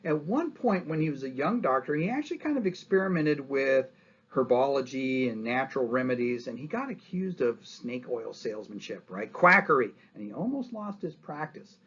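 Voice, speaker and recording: A man giving a history lecture as a lively story, acting out quotes and often asking "right?". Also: mid-range voice, normal speed, husky, muffled recording.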